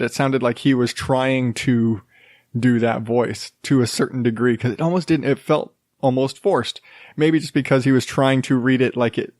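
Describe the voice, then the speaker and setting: A man's voice: medium pitch, darkish tone, no echo. Rambling man, dry close mic. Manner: rambling, with many fillers and restarts. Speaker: podcast host. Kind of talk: casual solo podcast rambling.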